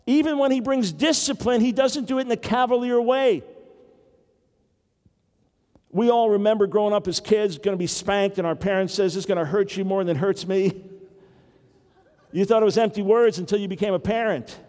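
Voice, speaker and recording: High-voiced older man preaching. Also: a little fast, a little mellow, long reverb tail. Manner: earnest, with wry humor and acted-out quotes. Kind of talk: sermon teaching.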